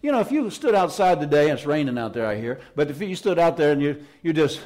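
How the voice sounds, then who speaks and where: A man preaching a fervent sermon, his voice sitting somewhat high. He talks emphatically and repeats his phrases for emphasis. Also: very animated, fast, a little mellow. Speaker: pastor. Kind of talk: Pentecostal sermon. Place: church service.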